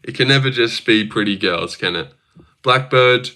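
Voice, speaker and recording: A young man on a livestream casually reads viewer messages aloud and teases his chatters. His medium-pitched voice sounds pushed and bright, at a normal speed.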